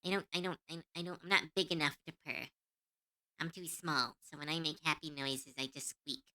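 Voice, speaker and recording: A woman's voice: low voice, fairly quick, bright, forceful tone. A woman streamer chatting casually to her viewers, rambling and giggling between thoughts.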